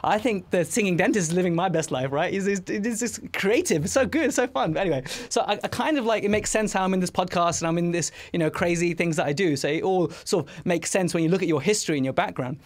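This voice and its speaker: Quick, eager man as host. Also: high voice. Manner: enthusiastic, rapid, with frequent restarts. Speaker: podcast host, dentist. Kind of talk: casual conversational interview.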